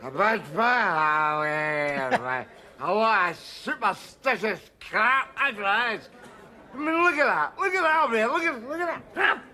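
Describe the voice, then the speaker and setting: An actor playing a rough, cynical Scottish drinker in a TV sitcom, talking in a combative, scornful way. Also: male voice, sits high, lively intonation, unhurried, bright, forceful tone, heavily acted. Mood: mocking. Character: rough middle-aged man, cynical, argumentative drinker. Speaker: unemployed drinker Rab. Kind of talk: TV sitcom acting.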